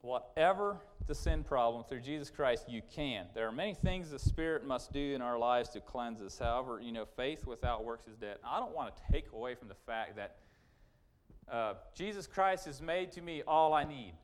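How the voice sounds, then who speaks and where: A man preaching a sermon, emphatic and repetitive, swinging from loud urgent points to quiet asides. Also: on the high side, lively intonation, moderate pace. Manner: emphatic, repetitive restarts, rising and falling sharply.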